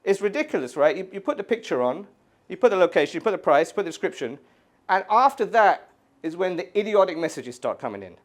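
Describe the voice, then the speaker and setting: Middle-aged stand-up: exasperated, sweary, with a very animated pitch. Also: male voice, fast. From England. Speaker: stand-up comedian. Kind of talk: stand-up comedy set. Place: art gallery stage, live audience.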